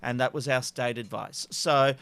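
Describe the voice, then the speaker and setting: An Australian man in his thirties hosting a news panel chat, chatty and quick to laugh between items. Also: mid-range voice, fairly even intonation, vocal fry, fairly bright tone, clean tone. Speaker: host.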